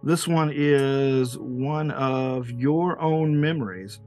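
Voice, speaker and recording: A man's voice: mid-range voice, drawn-out words, darkish tone, soft background music. A man narrating a tabletop game as game master, loose and rambling, laughing often.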